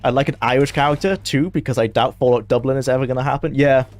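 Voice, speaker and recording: A young man chatting loosely as he streams a game, rambling and quick to laugh. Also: mid-range voice, fairly even intonation, a little mellow. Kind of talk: casual live-stream gameplay commentary.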